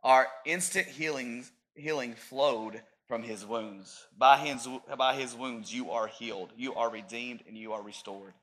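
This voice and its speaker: A man in his thirties preaching a sermon as pastor, rising to loud peaks and dropping into joking asides. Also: mid-range voice, measured pace, hardly any pauses.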